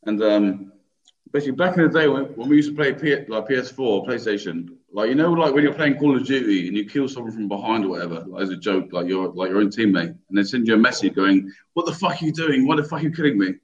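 A man's voice: on the low side, fast. A man, rambling through a story on a casual podcast and laughing at his own jokes. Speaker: podcast co-host. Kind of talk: casual chat. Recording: dull lo-fi podcast recording.

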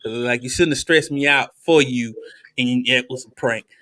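A man co-hosting a podcast in casual chat, animated, slangy and jokey. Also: mid-range voice, normal speed. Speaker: podcast co-host.

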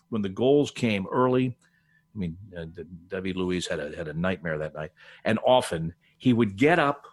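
An older man, a veteran broadcaster, telling stories as a podcast guest in a rambling, restarting way. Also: lowish voice. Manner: digressive storyteller with frequent restarts and laughs. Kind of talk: casual podcast conversation, storytelling.

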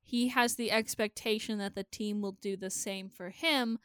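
A woman's voice: medium pitch, fairly even intonation, normal speed, fairly bright tone, smooth, dry recording, studio quality. A woman co-hosting a podcast in casual chat, blunt and sarcastic with frequent swearing. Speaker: podcast co-host.

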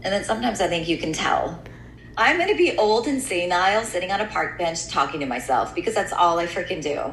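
A middle-aged American woman with a lowish voice talks shop in a relaxed, candid way. She sounds like a seasoned radio host chatting. The room is roomy and echoey, with faint noise underneath. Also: brisk. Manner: candid, relaxed, frequent "you know". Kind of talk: casual chat.

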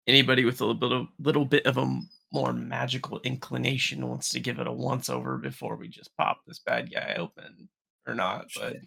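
A man takes his turn in a tabletop game over a video call, speaking in a dry, matter-of-fact way. His voice has a gravelly rasp and a bright, forward edge. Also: medium pitch, little pitch movement, fairly quick, slight background noise. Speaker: player. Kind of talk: casual play over a call.

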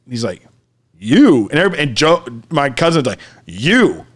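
A man on a podcast spins a long personal story, rambling and casual and packed with "like" and "dude". His voice sits a touch high. He turns earnest and reflective as he goes. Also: big pitch swings, moderate pace. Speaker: podcast co-host.

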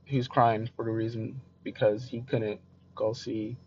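A man's voice: mid-range voice, flat delivery, unhurried. Emotional young man retelling a hard moment. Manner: emotional, repeats phrases, voice trails off quieter. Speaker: podcast host telling a personal story. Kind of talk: confessional personal storytelling. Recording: slightly dull lo-fi recording with faint noise.

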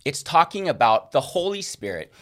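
Earnest man teaching, slightly high voice. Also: very animated, moderate pace, a bit bright. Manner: earnest, checks in with frequent "okay?". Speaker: Christian ministry teacher. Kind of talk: recorded online course lesson.

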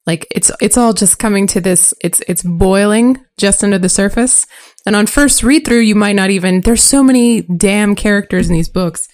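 A woman's voice: mid-range voice, moderate pace, darkish tone. Chatty female podcast co-host. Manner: chatty, with many fillers like "like". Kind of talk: casual book-discussion chat.

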